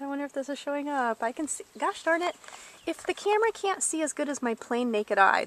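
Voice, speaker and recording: A woman's voice: high voice, lively intonation, brisk, a bit bright, no room sound. A woman casually rambling while filming wildlife, chatting on the phone at the same time, recorded on a handheld camcorder's built-in mic.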